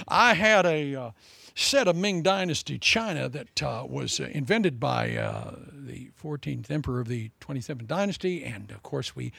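A man preaching with a high, lively voice that swings widely. He jokes through his sermon with a lot of energy. The sound is dry and close. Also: moderate pace, vocal fry, dry recording. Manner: animated, joking, with frequent laughs.

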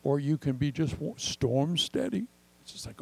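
An older man preaching a sermon as pastor, animated and acting out the voices he quotes. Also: a little high, normal speed, vocal fry, slightly rough, low-quality recording.

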